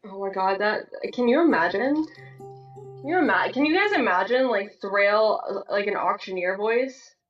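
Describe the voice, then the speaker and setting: A woman's voice: medium pitch, expressive, unhurried, faint music behind. A woman co-hosting a live stream in casual chat, full of "like" and casual swearing. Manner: chatty, lots of "like", swears casually. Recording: roomy, distant and muffled.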